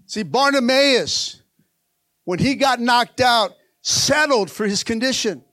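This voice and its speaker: A man's voice: high voice, animated, unhurried, fairly bright tone, no echo. A man preaching a rousing sermon, calling on the congregation and repeating lines for emphasis. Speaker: pastor.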